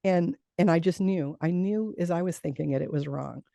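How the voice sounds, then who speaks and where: A woman's voice: fairly low pitch, moderate pace, gravelly, dark tone, dry recording, studio quality. A middle-aged woman, a guest in an interview, telling a personal story in earnest conversation and acting out the dialogue she recalls. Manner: earnest, acts out quoted dialogue.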